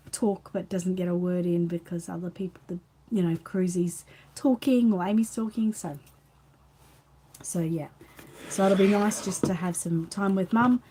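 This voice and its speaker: A woman's voice: medium pitch, warm tone. An Australian woman hosting a casual live chat, rambling and reading out viewer comments while tired and yawning. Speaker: channel host.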